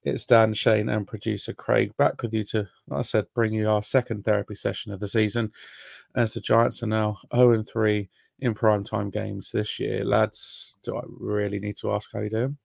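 A man's voice: on the low side, flat delivery, normal speed, vocal fry, darkish tone, no room sound, studio quality. A man from England hosting a casual sports podcast, chatty and self-deprecating with the odd swear word. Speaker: podcast host. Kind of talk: casual chat.

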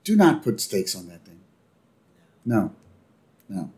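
A man co-hosting a podcast, chatting casually and acting out cartoon lines in quick voices. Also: lowish voice. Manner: animated, acts out character lines in quick voices. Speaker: podcast co-host. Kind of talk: casual chat recapping a cartoon episode.

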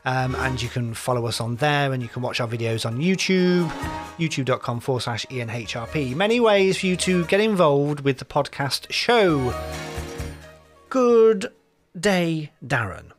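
A man hosting a podcast, brisk and organised with dry mockery. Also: mid-range voice, music in the background. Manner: brisk, organised, dryly mocking. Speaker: podcast host. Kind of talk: casual chat.

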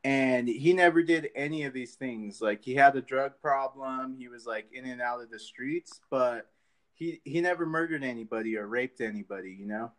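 A man's voice: medium pitch, normal speed. A man hosting a podcast in casual chat, rambling loosely with many fillers and swearing. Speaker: podcast host.

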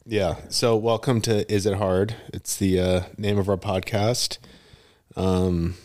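A man's voice: on the low side, level tone, slow, a little mellow, no room sound, clean studio sound. A man in his thirties co-hosting a podcast, laid-back and casual, with crude jokes. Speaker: podcast co-host. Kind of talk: casual chat.

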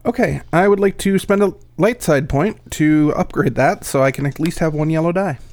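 A man's voice: a little high, normal speed, a little mellow. A man playing a tabletop game, talking casually and thinking aloud about his moves. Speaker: player.

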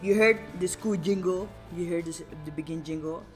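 Man, young adult, podcast host, casual rambling chat, self-interrupting, giggly, slightly high voice. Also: moderate pace, soft background music.

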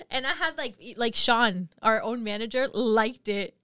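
A young woman co-hosting a podcast, telling work stories in casual chat, animated and laughing often. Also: a little high, a little slow, clean tone, dry recording, studio quality. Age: young adult. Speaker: podcast co-host.

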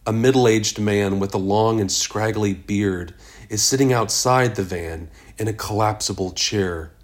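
A man reads a first-person story aloud as an audiobook narrator, his voice sitting very low. His delivery is slow and measured, with an even, steady pace.

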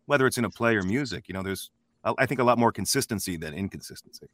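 A man's voice: lowish voice, racing, dry recording. A man who is a voice actor and father, speaking thoughtfully on a panel. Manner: thoughtful, lively. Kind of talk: panel discussion.

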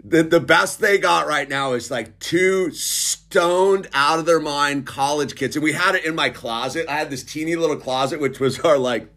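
A middle-aged man with a slightly raised pitch rants casually and sarcastically. He rambles, trips over his words and restarts sentences. He keeps calling the listener "dude". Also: moderate pace, few pauses, fairly bright tone. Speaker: commentator. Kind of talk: casual ranting monologue.

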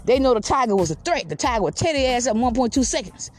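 High, animated woman, casual comic storyteller, rambles and swears freely. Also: fast talker, soft background music. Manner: rambling, cusses, tags lines with filler questions.

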